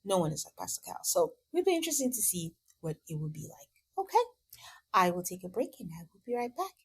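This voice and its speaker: A woman's voice: on the low side, very animated, fast, vocal fry, breathy edge. A woman hosting a podcast, recapping a reality show in casual chat with sarcastic, exasperated asides, acting out what the cast says. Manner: exasperated, sarcastic, acts out the cast members' lines.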